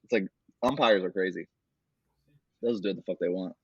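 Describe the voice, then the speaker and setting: Male podcast co-host, low husky voice, dull muffled recording, casual cursing sports chatter. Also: a little fast. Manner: loose, rambling, swears a lot.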